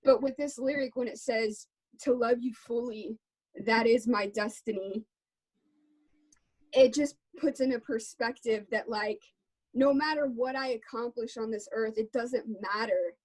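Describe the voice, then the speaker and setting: Earnest woman, slightly high voice. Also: fairly even intonation, a little slow, husky, poor audio. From Texas. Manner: earnest, heartfelt, faith-centered. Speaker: guest musician. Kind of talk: candid interview talk.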